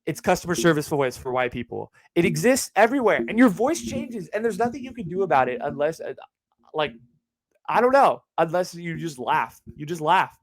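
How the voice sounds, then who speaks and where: A man's voice: on the high side, big pitch swings, normal speed, no echo, rough recording. A young man hosting his own podcast, rambling in a casual monologue with plenty of swearing and joking asides. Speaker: podcast host. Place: home recording setup with a ring light.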